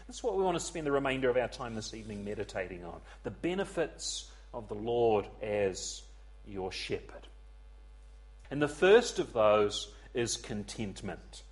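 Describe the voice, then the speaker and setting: Earnest preacher, swinging loud to hushed. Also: male voice, medium pitch, sing-song, normal speed. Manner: swells loud then drops to a near hush for emphasis; earnest, pleading, repeats words as he searches. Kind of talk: evening sermon.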